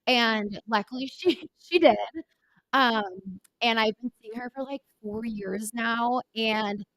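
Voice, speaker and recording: A young woman in her twenties shares her story on a podcast in a halting, earnest manner, filling every pause with small words. Her voice sits a little high. The sound is dry and close, with no room around it. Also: fairly bright tone, no echo. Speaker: podcast co-host. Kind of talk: candid personal conversation.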